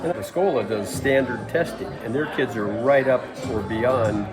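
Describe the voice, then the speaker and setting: Halting man over a crowd and music. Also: medium pitch. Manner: halting, repeats words, emotional. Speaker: storyteller recounting a school visit. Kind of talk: casual spoken story. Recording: crowd chatter and music behind.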